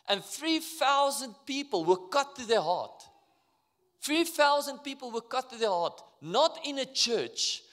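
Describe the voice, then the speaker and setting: Afrikaans-accented male pastor, high and lively voice, animated storytelling sermon, live in an echoing church hall. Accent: Afrikaans South African. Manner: animated, storytelling, drops to quiet asides. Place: church auditorium.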